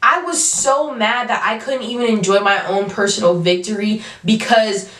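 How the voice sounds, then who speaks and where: A young adult woman telling a storytime vlog, animated and emphatic, with casual slang. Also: medium pitch, moderate pace, slight background noise. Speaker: vlogger. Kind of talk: storytime monologue. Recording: roomy, from a distance.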